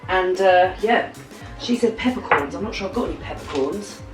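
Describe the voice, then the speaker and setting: A woman's voice: on the low side, expressive, moderate pace, music in the background. A woman in her thirties chatting casually in a home vlog, rambling and giggly. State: slightly snotty with a cold. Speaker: vlogger. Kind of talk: casual chat. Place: home kitchen.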